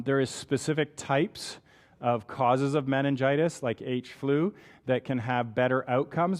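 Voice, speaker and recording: A man with a Canadian accent giving a conversational medical lecture, often checking in with "right?". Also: mid-range voice. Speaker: physician lecturer. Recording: long hall reverb.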